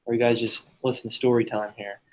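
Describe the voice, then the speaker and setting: A man's voice: mid-range voice, little pitch movement, fast, a little mellow, rough recording. A man teaching a classroom lesson in a casual, joking, chatty way, telling stories and teasing his students.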